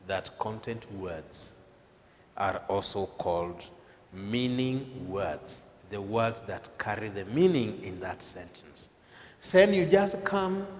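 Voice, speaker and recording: Slow, emphatic man teaching in a reverberant room. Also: mid-range voice. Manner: slow, deliberate, emphatic delivery. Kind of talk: televised classroom lesson. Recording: long hall reverb.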